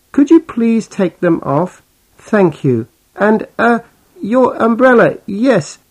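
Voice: medium pitch, darkish tone, rough recording. A prim, bossy landlady, voiced by an actor, who piles on polite requests one after another in a raised, fussy tone. It comes from a scripted classroom listening recording. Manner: politely nagging, constant requests. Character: fussy, bossy middle-aged landlady, woman. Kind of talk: scripted listening-exercise role-play.

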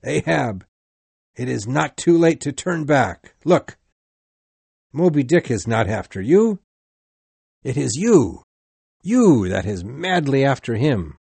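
A man's voice: medium pitch, very animated, slow, vocal fry, pauses often, darkish tone, breathy edge, no room sound, pitched above the performer's own voice, exaggerated voice. A man voicing a ship's first mate who pleads urgently with his captain. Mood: pleading. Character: pleading male first mate, earnest and fearful.

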